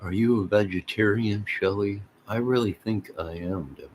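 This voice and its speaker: A man's voice: lowish voice, normal speed, a little mellow, a little hiss or hum. An American man rambling casually as he chats with livestream viewers, reading their comments aloud and trailing off mid-thought. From United States. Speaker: livestream host chatting with viewers.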